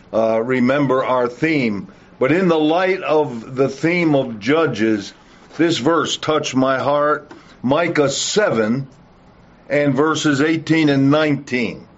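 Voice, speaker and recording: Slow, earnest male Bible teacher. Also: mid-range voice. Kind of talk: Bible study lesson with prayer. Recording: dull lo-fi recording.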